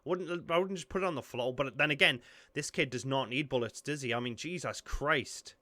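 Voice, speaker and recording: A young man with a Geordie accent, reacting to a film with excitable, sweary commentary. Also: medium pitch, a little fast, background noise. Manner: excitable, sweary, blurts out shock. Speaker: reaction video host.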